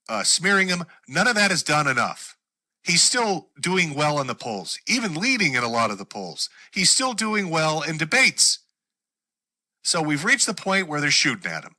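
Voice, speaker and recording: A man ranting on his own show, his voice very bright and cutting with a slightly raised pitch. He swears freely and slips into mockery as he builds up steam. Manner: heated, sweary, mocking. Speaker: show host. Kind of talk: profane political rant monologue.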